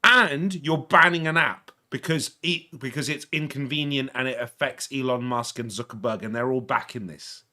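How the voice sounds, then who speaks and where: A man's voice: mid-range voice, moderate pace, few pauses, bright, forceful tone. A man in casual chat, ranting heatedly, stammering and swearing.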